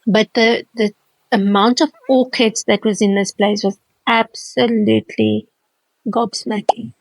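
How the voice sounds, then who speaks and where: A woman's voice: mid-range voice, fairly even intonation, measured pace, no room sound, rough recording. Gushing South African woman, vlog voice-over. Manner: warm, gushing enthusiasm about plants. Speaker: travel vlogger. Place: seated at home, recording voice-over.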